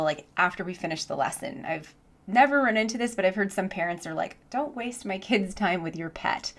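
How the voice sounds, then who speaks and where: A woman teaching English online, chatting casually in a vlog with lots of "like" and easy laughter, speaking into a boom headset mic from her home office. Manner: chatty, says "like" often, laughs easily.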